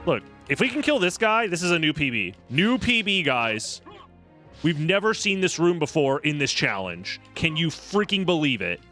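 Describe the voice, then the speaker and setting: Snarky young male streamer, bright voice. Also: fairly high pitch, sing-song, normal speed, soft background music. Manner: snarky, sarcastic, swearing freely. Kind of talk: casual live-stream gaming chat.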